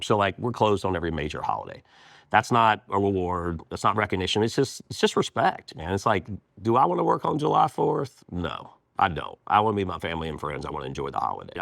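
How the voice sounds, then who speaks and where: A man's voice: low voice, creaky, no room sound, clean studio sound. A man who founded a restaurant business, talking in a casual interview with emphatic repetition and frequent "man" at the end of lines. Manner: emphatic, repeats phrases, says "man".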